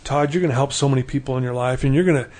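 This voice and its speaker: A man's voice: medium pitch, very fast, darkish tone. Earnest middle-aged man telling his story. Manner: earnest, acts out quoted dialogue with laughing asides. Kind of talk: casual storytelling conversation.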